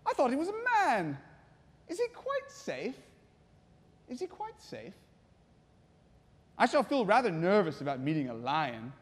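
A man's voice: high voice, wildly swooping pitch, a little slow, pauses often, full character voice. A man voicing a timid young girl with an English accent. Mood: nervous. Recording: long reverb in a hall.

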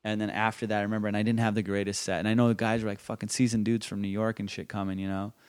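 A man in casual podcast chat spins stories quickly in a lowish voice, swearing often and padding with "like" and "you know". The sound is dry and close. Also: flat delivery, smooth, no room sound. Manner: profane storytelling, filler-heavy. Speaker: comedian guest.

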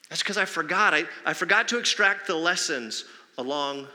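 A man preaching a sermon with a notably high, very bright, piercing voice. He talks conversationally and keeps throwing rhetorical questions at the congregation. His voice rings out with a long reverb from a large church hall. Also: fairly quick. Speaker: pastor.

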